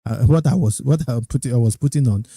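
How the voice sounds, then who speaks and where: A middle-aged Nigerian man hosting a podcast, telling stories in a lively, casual way. He often repeats and restarts his phrases, and he jumps up high when he quotes excited people. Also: a little fast, breathy edge, dry recording. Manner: animated, quoting others in raised excited tones. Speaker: podcast host. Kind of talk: casual storytelling monologue.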